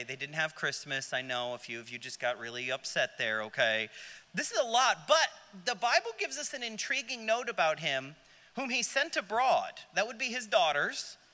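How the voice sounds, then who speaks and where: A man's voice: high voice, big pitch swings, moderate pace, bright, forceful tone, long reverb tail. A man teaching a Sunday school Bible class, joking aside and asking the class questions as he reads. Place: church classroom.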